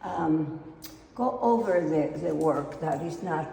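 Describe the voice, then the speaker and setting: A middle-aged woman artist from Mexico with a Mexican Spanish accent, a native Spanish speaker giving a casual, rambling, excitable tour of her home studio and slipping into Spanish. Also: low-pitched, takes it slowly, vocal fry, distant mic, slight background noise. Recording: echoey room, voice from off-mic, faint ambience.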